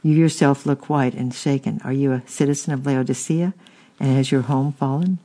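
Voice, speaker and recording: A man reading the lines of a gentle, motherly old shepherd's wife in a storybook. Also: medium pitch, steady tone, moderate pace, natural voice.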